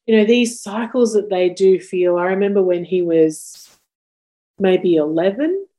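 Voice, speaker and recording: Mellow-voiced woman in her forties. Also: medium pitch, unhurried. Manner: earnest, reflective, with lively upward swings. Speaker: podcast host. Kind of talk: casual conversation.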